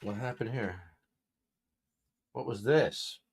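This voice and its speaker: A male show host in casual livestream commentary, talking back to what he reads in an animated way. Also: mid-range voice, slow pace, creaky, breathy edge, dry recording.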